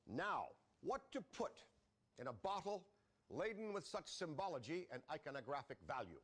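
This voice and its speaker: A man narrating an advertisement in a solemn, earnest, measured way. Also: fairly high pitch, sing-song, fairly bright tone. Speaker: commercial narrator.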